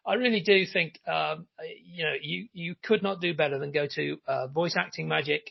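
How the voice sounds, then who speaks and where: A man's voice: on the high side, normal speed, vocal fry, slightly rough, lo-fi sound. A man hosting a casual interview podcast, chatty and full of fillers. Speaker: podcast host.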